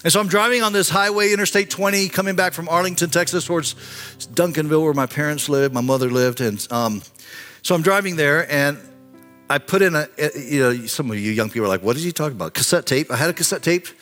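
A man's voice: a little high, fairly quick, faint music behind. Earnest man in his sixties preaching. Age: 60s. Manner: earnest, emotional storytelling that swings from impassioned to hushed. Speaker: pastor. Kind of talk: sermon. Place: church sanctuary.

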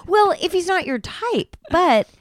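A woman co-hosting a gossip podcast, talking in an animated, exclamatory way with plenty of laughter and casual swearing. Her pitch swoops up and down. The sound is dry and close, with no room around it. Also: unhurried, no echo. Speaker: podcast co-host.

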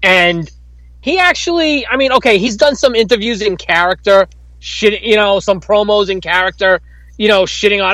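A man's voice: sits high, moderate pace, sharp tone, no echo, poor audio. A man co-hosting a casual podcast, arguing his point emphatically and swearing often. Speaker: podcast co-host. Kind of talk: casual wrestling chat.

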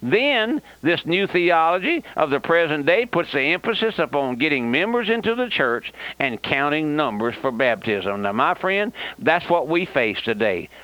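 A man's voice: on the high side, sing-song, moderate pace, hardly any pauses, sharp tone, dry recording. An older man preaching a fiery radio sermon, with an impassioned, repetitive cadence and folksy asides. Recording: dull lo-fi old radio broadcast.

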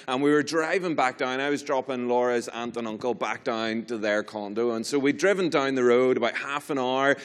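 A young Northern Irish man preaching in a storytelling way. He is animated and self-mocking, and his voice jumps up and down as he acts out the story. The tone sits at a middle pitch for a man. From Northern Ireland. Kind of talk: storytelling sermon.

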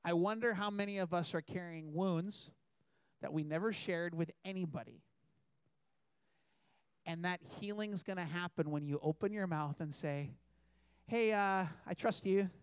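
A man's voice: sits high, measured pace, pauses often, smooth, dry recording, clean studio sound. A man preaching a sermon as pastor, earnest and conversational, acting out little quoted asides.

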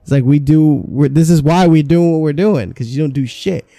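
Brief: man, podcast co-host, mellow dark tone, dry close sound, loose rambling swear-heavy storytelling. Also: on the high side, moderate pace, vocal fry, no echo. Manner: profane, rambling, animated storyteller. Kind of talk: casual storytelling chat.

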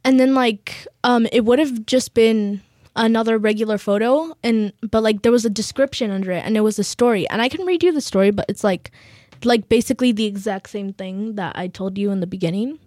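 A woman's voice: a little high, brisk, a little mellow, no room sound, studio quality. A young woman chatting casually on a podcast, rambling with lots of fillers and giggles. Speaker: podcast co-host.

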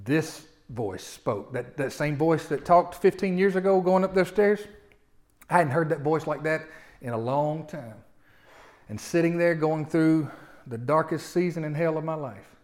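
A man in his forties delivers a sermon to his congregation. His voice sits a little high, and he shifts between soft, confessional storytelling and loud, fervent preaching. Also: expressive, unhurried. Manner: swings from hushed storytelling to loud impassioned preaching. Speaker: pastor.

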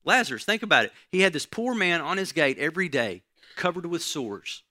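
A man's voice: fairly high pitch, sing-song, a little fast, pushed and bright, dry recording. A man preaching a conversational sermon, often checking in with the listeners by asking "right?". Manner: conversational teaching, frequent "right?" asides.

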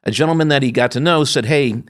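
A man's voice: a little high, rapid-fire, a bit bright. Middle-aged man telling long anecdotes. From upstate New York. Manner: rambling anecdotes with frequent restarts and fillers. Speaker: guest, company founder. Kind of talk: conversational interview storytelling.

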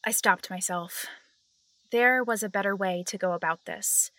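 A woman's voice: medium pitch, moderate pace, pushed and bright, dry recording. A young woman narrating and playing the lead in an audio drama, hesitant and nervous. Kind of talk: audio drama acting and first-person narration.

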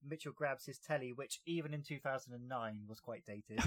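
A man hosts a casual fan podcast and walks through scenes with dry humour. His voice sits at a middle pitch. The recording is dry and close-miked. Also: normal speed, dry recording. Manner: recaps scenes with dry jokes. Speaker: podcast host.

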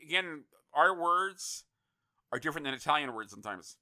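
A man hosts a relaxed interview with a strikingly bright, forceful voice. He rambles and repeats words as he gathers his thoughts, chatting easily with his guest. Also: fairly high pitch, moderate pace. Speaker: host. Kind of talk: casual interview chat.

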